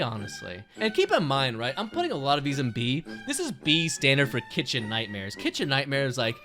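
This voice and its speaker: A man's voice: medium pitch, fairly quick, few pauses, over music. A young man giving casual, sarcastic commentary, swearing freely and laughing as he ranks things. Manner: animated, profane, sarcastic, laughs often. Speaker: commentary video host.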